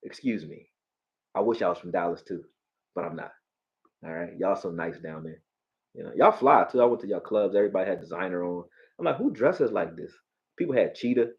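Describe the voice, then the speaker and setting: A man from Philadelphia with a Philly accent, hosting a live football stream, profane and animated, talking back to his chat. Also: low-pitched, brisk, highs cut off. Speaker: sports streamer.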